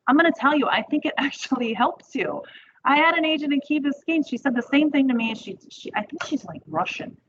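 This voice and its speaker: A woman's voice: sits high, animated, brisk. A woman teaching a marketing training class in a chatty, encouraging way. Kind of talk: webinar training talk. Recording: muffled audio with background noise.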